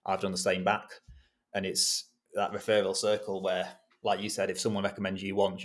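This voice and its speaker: Male podcast guest, low and steady, relaxed self-deprecating chat. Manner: chatty, self-deprecating, laughs easily. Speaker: guest, freelance copywriter. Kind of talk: casual podcast interview.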